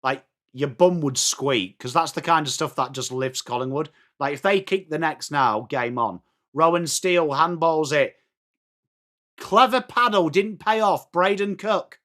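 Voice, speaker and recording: An English man hosting a fan watchalong, chatting through the match as live fan commentary and breaking into shouts at big plays. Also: fairly high pitch, measured pace. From England.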